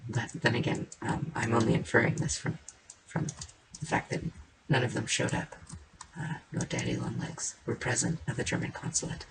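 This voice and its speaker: A woman giving casual, rambling commentary while building in a game, playful, with sing-song noises and soft murmured asides. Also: rumbling low, very animated, moderate pace, vocal fry, very noisy. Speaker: game streamer. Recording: keyboard and mouse clicks behind the voice.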